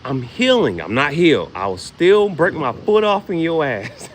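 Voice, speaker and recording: A man talking straight to his audience in a loose comedic riff, his pitch leaping up and down as he acts out little scenes. He laughs through his lines, swears freely and talks in easy slang. There is a faint hum of noise behind him. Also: sing-song, normal speed. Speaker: vlogger. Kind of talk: casual comedic monologue.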